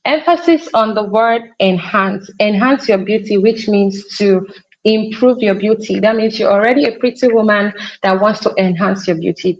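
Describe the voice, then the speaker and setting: A woman's voice: mid-range voice, lo-fi sound. A young woman from Nigeria, a makeup artist, giving a conference talk in an instructive way and repeating her key points for emphasis. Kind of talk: conference presentation.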